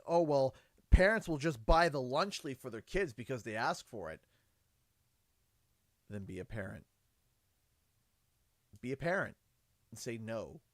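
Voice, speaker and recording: Animated livestreamer with lively pitch. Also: male voice, dry recording, clean studio sound. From Canada. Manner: animated storytelling, acts out his kids' and his own lines in quotes. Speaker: livestream host. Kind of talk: casual livestream chat.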